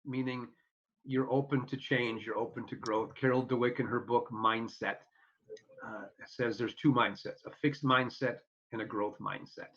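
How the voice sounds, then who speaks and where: A man's voice: mid-range voice, fairly even intonation, measured pace, a bit bright. Upbeat man telling stories, lo-fi sound. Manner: earnest and upbeat, acting out quoted speech in his stories. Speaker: podcast guest. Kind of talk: casual storytelling interview. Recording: dull lo-fi audio.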